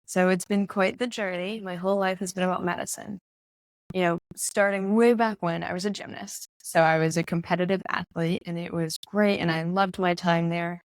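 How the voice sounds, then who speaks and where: A young woman talks through her story as an interview guest, chatty and quick to laugh, slipping into the voices of the people she quotes. Her voice sits low and has a gravelly fry to it, and the sound is dry and close. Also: fairly even intonation, no echo. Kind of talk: casual interview conversation.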